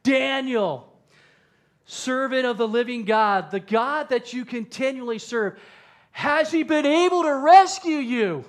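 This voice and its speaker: A man voicing an ancient king who yells out in anguish. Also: very high-pitched, expressive, measured pace, voice pushed up. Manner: yelling, straining.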